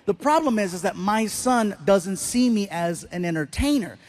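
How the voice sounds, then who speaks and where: A middle-aged man doing stand-up comedy, telling stories in an animated way and acting out other people's voices. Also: high-pitched, moderate pace.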